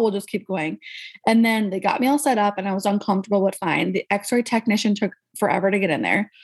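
A woman's voice: mid-range voice, fairly quick, husky. A young woman guest candidly recounting her experiences in a casual interview, acting out what others said. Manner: candid, animated, acts out quoted voices. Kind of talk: casual conversational storytelling.

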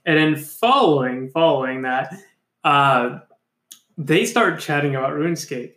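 A man's voice: on the high side, expressive, a little slow, fairly bright tone. A man co-hosting a casual podcast chat, teasing his co-host and telling stories with casual swearing. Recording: echoey room sound.

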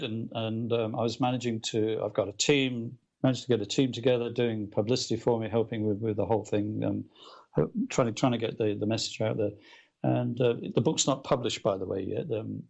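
A man's voice: on the low side, gravelly. Chatty storytelling man. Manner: rambling and animated, with frequent fillers and restarts. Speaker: author guest. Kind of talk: storytelling in casual conversation.

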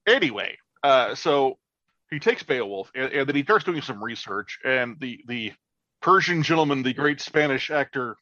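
A man chatting on a podcast with a middle-pitched voice. He talks with enthusiasm and swears freely, often stumbling over fillers and restarts. The sound is dry and a little dull. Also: expressive, bright, forceful tone, no echo. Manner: enthusiastic, profane, halting with fillers. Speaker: podcast co-host. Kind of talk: casual chat.

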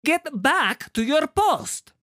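A man voicing a rotund, nervous male soldier who barks orders in a shrill voice. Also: huge pitch swings, unhurried, sharp tone, breathy edge, dry recording, clean studio sound, heavily acted. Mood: shrill, bossy. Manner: barking orders.

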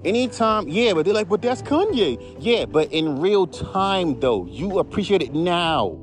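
A man's voice: on the high side, very animated, measured pace, faint music behind. A man who raps, ranting in a casual, profane, heated way on his podcast. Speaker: podcast host, rapper. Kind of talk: casual rant.

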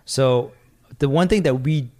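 A man co-hosting a podcast in casual chat, laughing easily and explaining food in a relaxed way. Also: mid-range voice, unhurried. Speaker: podcast co-host.

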